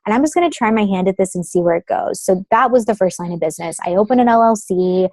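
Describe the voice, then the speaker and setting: A woman's voice: mid-range voice, quick pace, a little mellow, no room sound. A woman in her thirties, a guest on an interview over the phone, talking casually and filling her speech with "like" and "um". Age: 30s. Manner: chatty, uses many fillers like "like" and "um". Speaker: guest, creative consultant. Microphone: phone call.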